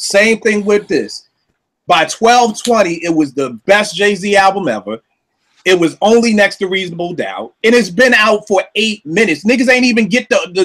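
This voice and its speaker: High-voiced man ranting incredulously. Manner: animated, profane, incredulous storytelling. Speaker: podcast host. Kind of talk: casual comedic rant.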